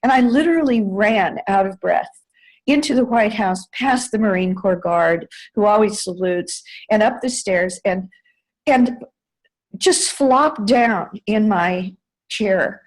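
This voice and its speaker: A woman's voice: mid-range voice, slow pace, low-quality recording. An older woman from the United States, telling a long story in an interview, with many fillers and self-corrections. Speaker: interview guest, former White House staffer. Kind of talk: conversational storytelling.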